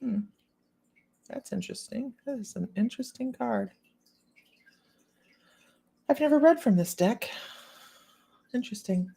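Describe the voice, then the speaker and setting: A woman from Ohio in the United States hosts a psychic reading livestream, reading cards while chatting casually with viewers by name and laughing often. Her voice is a little high, warm and husky, with vocal fry. She speaks expressively and a little slowly, leaving long pauses.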